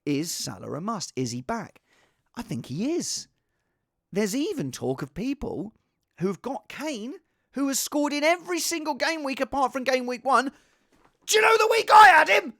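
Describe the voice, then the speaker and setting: A man giving casual, rambling fantasy football advice in an excitable, self-deprecating way. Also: extremely high pitch, normal speed, no echo, studio quality.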